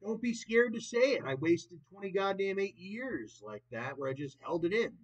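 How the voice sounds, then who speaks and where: A man in his late twenties vlogging in a rambling, profane monologue that swings between loud and soft. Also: sits high, sing-song, moderate pace, husky. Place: old property in the countryside. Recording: dull lo-fi recording.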